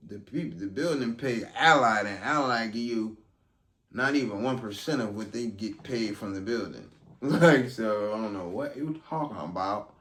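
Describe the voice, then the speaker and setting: Low-voiced man, echoey and distant. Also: lively intonation, normal speed, fairly bright tone. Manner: loose and conversational, full of ums. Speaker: vlogger recapping a court trial. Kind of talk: casual commentary. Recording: roomy sound, distant from mic.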